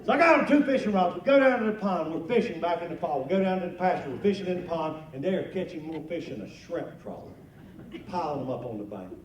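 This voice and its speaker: A man's voice: on the high side, sing-song, fast. An older man telling folksy stand-up stories to a lunch crowd, getting rowdy on the punchlines. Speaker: comedian, lunch speaker. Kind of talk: storytelling stand-up. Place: banquet hall at a lunch event. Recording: roomy hall, miked from a distance, faint noise.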